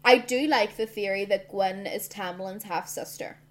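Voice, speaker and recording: A woman co-hosting a casual podcast, chatting about fantasy books with quick bursts of enthusiasm and plenty of swearing. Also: mid-range voice. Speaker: podcast co-host.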